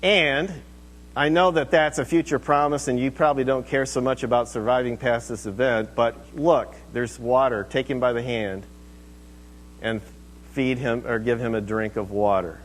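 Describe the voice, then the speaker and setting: A man voicing God as a gentle, reassuring male divine voice, in an echoey hall. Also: mid-range voice, fairly even intonation, moderate pace, close to an everyday voice.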